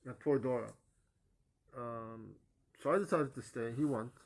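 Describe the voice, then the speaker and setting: A young man gives a personal testimony on a vlog, speaking hesitantly with many pauses and fillers, his mid-pitched voice dropping low and soft as phrases trail off. There is vocal fry in his voice.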